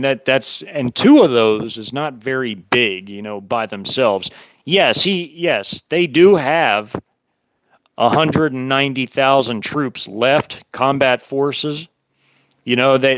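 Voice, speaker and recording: A man's voice: medium pitch, fairly bright tone, no echo, poor audio. A man hosting his own show, talking through events in an emphatic, repetitive, indignant way. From United States. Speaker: show host. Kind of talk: casual commentary monologue.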